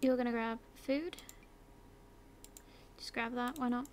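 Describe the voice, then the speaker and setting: A woman's voice: on the high side, fairly even intonation, slow, a little hiss or hum. A woman with a sore throat giving casual commentary on her gameplay, chatting away and talking to her game characters. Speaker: gaming video host.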